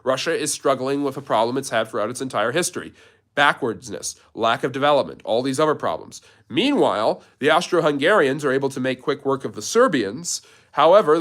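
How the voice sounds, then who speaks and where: A man's voice: medium pitch, a bit bright. Man explaining history on a live stream. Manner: storytelling, building a step-by-step chain of events. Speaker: history channel host.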